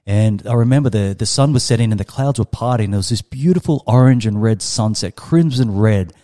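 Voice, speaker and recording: Australian man in his 30s, guest storyteller; low, mellow voice, emphatic delivery. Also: brisk. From Western Australia. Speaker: guest, startup coach. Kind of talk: storytelling in a podcast interview.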